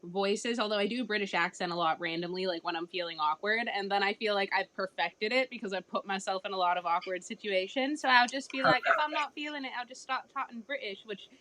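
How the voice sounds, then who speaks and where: A woman hosting a casual video interview, enthusiastic and quick to laugh. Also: mid-range voice, sharp tone, a little hiss or hum. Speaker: host.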